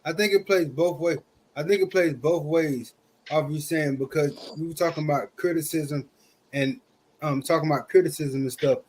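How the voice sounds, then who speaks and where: A father co-hosting a casual group discussion, speaking haltingly with frequent restarts. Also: a little high, a little mellow, slight background noise. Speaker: podcast co-host.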